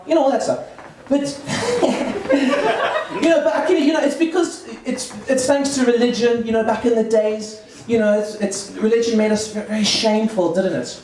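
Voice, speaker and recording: South African man doing stand-up in an echoey club. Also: high voice. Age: 30s. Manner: rambling, self-interrupting delivery with many fillers. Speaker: stand-up comedian. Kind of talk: stand-up comedy set. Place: comedy club open mic. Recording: echoey room mic from far off with crowd laughter. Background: audience laughter.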